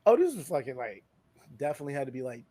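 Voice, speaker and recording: A man's voice: medium pitch, very animated, very fast, dark tone, no echo. A man co-hosting a podcast, telling a party story in casual chat, acting out the people he quotes with big jumps in his voice and swearing freely. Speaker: podcast co-host. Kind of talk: casual storytelling among friends.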